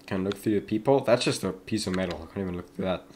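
Speaking low and fast over slight background noise, a young man commentates his horror game run as a gaming YouTuber. He's chatty and easily spooked, yelping and shouting at jump scares and dropping "yo" often.

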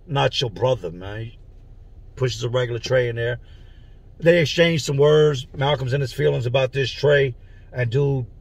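Husky man telling a prison story. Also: mid-range voice. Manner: slangy and conversational, explains terms as he goes. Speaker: storyteller recounting prison life. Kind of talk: casual storytelling.

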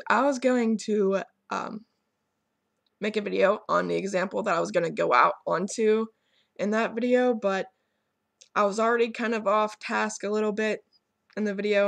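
Rambling young woman with a gravelly voice. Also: medium pitch, no room sound. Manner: rambling, many ums and restarts, candid. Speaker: vlogger. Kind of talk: personal storytelling rant to camera.

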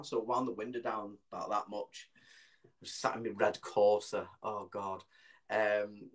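A middle-aged man, a comedian telling a funny story in a punchy, animated way. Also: on the low side, moderate pace, poor audio. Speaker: comedian, guest. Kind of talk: comic storytelling.

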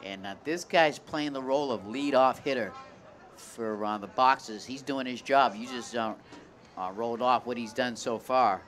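A man's voice: medium pitch, fairly bright tone. A man giving baseball color commentary at an outdoor stadium, folksy and conversational. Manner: folksy, conversational, quick to react.

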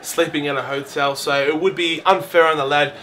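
A man playing a football manager answering pre-match press questions in a measured, filler-heavy way. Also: a little high, steady tone, a bit bright, slight background noise, voice pushed down, lightly acted. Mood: composed.

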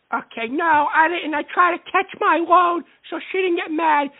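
A man hosting a late-night call-in show, brash and profane, quick to scold his callers. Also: very high-pitched, fairly even intonation. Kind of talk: casual call-in radio talk. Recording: tinny phone line.

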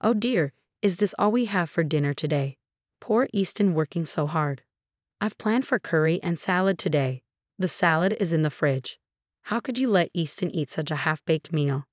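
A woman's voice: fairly low pitch, lively intonation, moderate pace, no echo, clean studio sound. A woman voicing a nagging, spiteful middle-aged mother-in-law who scolds and talks down in a scripted story. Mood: scolding. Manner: scolding, condescending.

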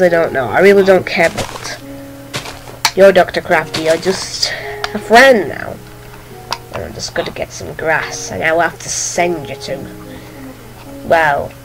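A woman's voice: fairly low pitch, poor audio. A young woman hosting a Minecraft channel, chatting casually to a villager while she plays and now and then dropping into a whisper. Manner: chatty, talks to an in-game villager, sometimes drops to a whisper. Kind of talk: casual gameplay commentary. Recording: game music playing behind the voice.

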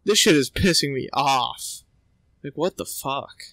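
A man's voice: fairly high pitch, expressive, measured pace, bright, forceful tone, dry recording, rough recording. A young man giving gameplay commentary, swearing constantly and ranting at the game in exasperation. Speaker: gameplay streamer. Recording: game music behind voice.

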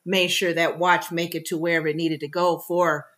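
A woman's voice: on the low side, flat delivery, normal speed, a bit bright. A woman co-hosting a casual talk show, chatting informally and laughing often. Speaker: co-host.

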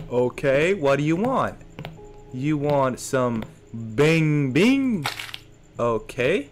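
Young male streamer, slangy and goofy, unhurried delivery over light background music. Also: a little high, sing-song. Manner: slangy, jokey, talks to game characters. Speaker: gaming streamer. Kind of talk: let's play commentary. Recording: faint game music behind.

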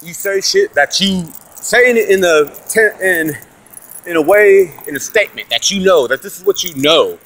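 A man ranting profanely and aggressively about God and church, swinging from loud outbursts to low muttering. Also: animated, moderate pace. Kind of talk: profane religious rant to camera.

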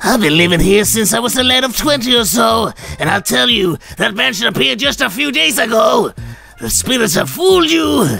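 A man voicing an excitable old male ghost professor in a wheezy, raspy, smoker-like voice, reading game dialogue aloud. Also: extremely high pitch, voice pushed up, full character voice. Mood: theatrical. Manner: drawn-out, theatrical old-man delivery.

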